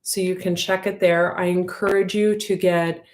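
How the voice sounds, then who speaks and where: A woman's voice: fairly low pitch, level tone, moderate pace, a little mellow, reverberant. Heartfelt rambling woman tarot reader. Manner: rambling, heartfelt, many fillers. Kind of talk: casual spoken intuitive reading.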